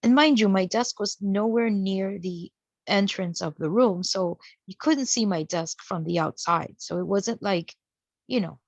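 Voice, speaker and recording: A woman's voice: medium pitch, a little slow, creaky, dry recording. Woman, casual personal storytelling, chatty, dry lo-fi recording. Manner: chatty, acts out the people she quotes. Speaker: guest sharing a spiritual experience. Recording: dull, dry lo-fi sound.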